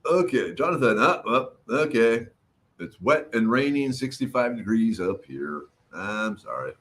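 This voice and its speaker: A man's voice: mid-range voice, big pitch swings, a little slow, fairly bright tone. A middle-aged man hosting a casual livestream, greeting viewers by name and chatting while his throat recovers. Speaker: livestream host. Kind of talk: casual livestream chat reading comments.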